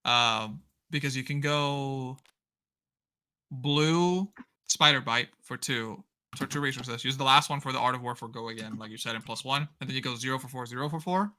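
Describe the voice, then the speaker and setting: A man's voice: mid-range voice, normal speed, pushed and bright. A man from Puerto Rico, co-hosting a card-game stream in casual chat, rambling and correcting himself as he reads chat aloud. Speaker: stream co-host.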